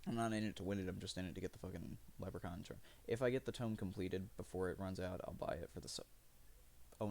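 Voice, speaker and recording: A man narrates his own game live, rambling and cursing while laughing at his own mistakes. His voice sits low with a rough, fry-heavy grain. The pitch leaps around a lot as he reacts. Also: a little mellow, slight background noise. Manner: rambling, profane, self-mocking. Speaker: streamer. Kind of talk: live gameplay commentary.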